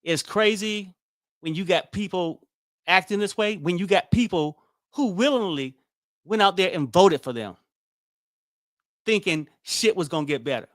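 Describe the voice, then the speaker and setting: A fairly high-voiced man, ranting bluntly and wearily. He swears freely and sounds exasperated, recorded close and dry with no room sound. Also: animated, normal speed, pauses often, no echo. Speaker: political commentary host. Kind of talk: casual political commentary.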